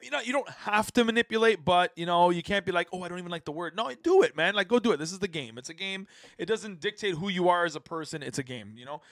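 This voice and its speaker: Brief: male host, high voice, dry close sound, animated and emphatic. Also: fast, no echo. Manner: animated, laughs often, repeats himself for emphasis. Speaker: host of a reaction stream. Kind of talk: casual panel chat.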